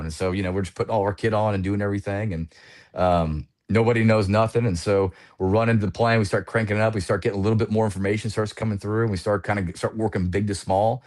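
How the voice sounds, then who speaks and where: A man in his forties with a lowish voice tells his war stories at a fast clip as a podcast guest. He is animated and peppers his talk with casual "you know" fillers. His delivery is relaxed and conversational. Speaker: podcast guest, retired Air Force pilot.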